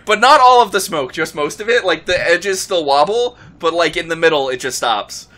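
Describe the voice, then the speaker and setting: A man's voice: a little high, lively intonation, normal speed, pushed and bright. A young man playing through a game and chatting casually, with easygoing, wry asides. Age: young adult. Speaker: let's player. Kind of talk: casual gaming banter.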